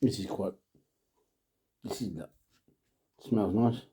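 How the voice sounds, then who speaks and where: A man's voice: fairly low pitch, steady tone, slow pace, mellow, husky. A middle-aged man, chatting to camera in a rambling, jokey way while trying drinks, often muttering and trailing off. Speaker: vlogger reviewing drinks; father. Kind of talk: casual chat to camera.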